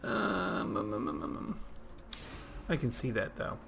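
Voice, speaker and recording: A man's voice: mid-range voice, very animated, a little slow, creaky, fairly bright tone, a little hiss or hum. Man, 30s, livestream gamer; rambly, conversational play-by-play. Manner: rambling and chatty, reading out chat. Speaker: game streamer. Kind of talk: casual livestream gameplay commentary.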